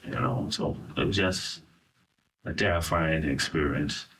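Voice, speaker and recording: A middle-aged Bahamian man recounting a personal ordeal in an interview, halting and full of "you know". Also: very deep voice, fairly bright tone, husky. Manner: halting, searching for words, frequent "you know". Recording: voice from a distance.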